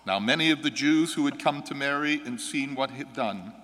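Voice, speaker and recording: A man serving as priest, reading the gospel and preaching a homily with a measured, earnest delivery. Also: medium pitch, a bit bright. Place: church. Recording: long church reverb.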